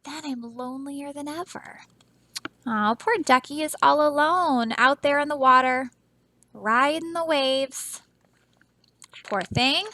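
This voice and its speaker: A woman teacher reading a children's picture book aloud in a soft, expressive storytelling voice, often stopping to ask her young listeners questions. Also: high-pitched, unhurried, no echo, low-quality recording.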